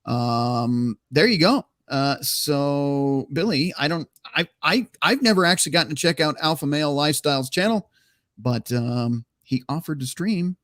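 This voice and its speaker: A man hosting a call-in show in a laid-back, loose way, reading viewer chats aloud. His voice sits a little high for a man, and the sound is dry and close. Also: normal speed, dry recording. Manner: relaxed, swears casually, reads chat aloud. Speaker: host.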